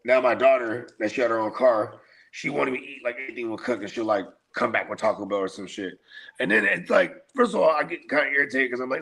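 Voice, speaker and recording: Gravelly man in casual, profane chat. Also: mid-range voice, lively intonation, fast, a bit bright. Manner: profane, laid-back storytelling. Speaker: podcast host.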